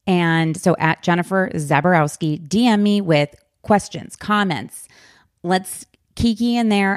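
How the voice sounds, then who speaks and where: A woman hosting a podcast in casual, chatty conversation, animated and full of fillers. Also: lowish voice, dry recording, studio quality. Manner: chatty, animated, heavy use of "like". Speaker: podcast host.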